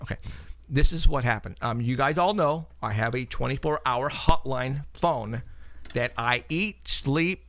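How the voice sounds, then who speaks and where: A man hosting a paranormal talk show, telling stories in a casual, animated way and acting out the people he quotes. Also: mid-range voice, unhurried, no room sound. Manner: animated storyteller, acts out phone calls with quoted voices. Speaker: paranormal investigator and show host. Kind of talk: casual chat.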